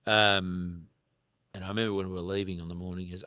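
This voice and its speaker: An Australian man telling animated stories and sometimes swearing as a podcast guest. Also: deep voice, fast, clean tone, no room sound, studio quality. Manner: animated storyteller, casual swearing. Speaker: guest farmer. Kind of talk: casual podcast conversation.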